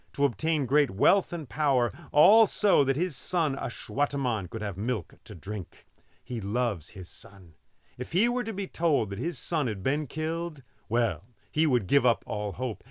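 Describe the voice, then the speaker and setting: A man voicing a calm, wise male divine counselor who speaks in a measured, persuasive way. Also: medium pitch, no echo, studio quality, voice pushed up.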